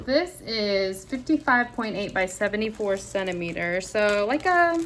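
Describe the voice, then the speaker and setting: A woman vlogger chatting casually to her viewers in a gushing, excitable way, often gasping. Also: medium pitch, a little slow, few pauses, a little hiss or hum. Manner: gushing and excitable, with frequent gasps. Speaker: crafting vlogger. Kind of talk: casual vlog chat.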